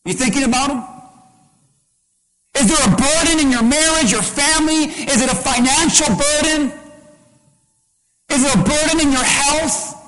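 A man's voice: very high voice, moderate pace, pauses often, fairly bright tone. A man preaching a sermon as pastor, pressing the congregation with repeated rhetorical questions. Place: church sanctuary. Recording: long church hall reverb.

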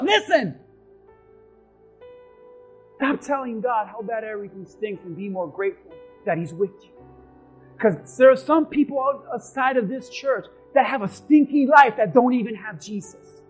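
High-voiced impassioned preacher man. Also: animated, moderate pace, long pauses, breathy edge, soft background music. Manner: impassioned, shouting for emphasis. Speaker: pastor. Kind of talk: sermon. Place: church.

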